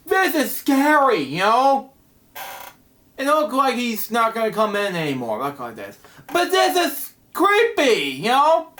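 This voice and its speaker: Bright, high-voiced man reading comics aloud. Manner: halting, with frequent "wow" and "anyways". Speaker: comic book reviewer, channel host. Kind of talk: casual reading and commentary.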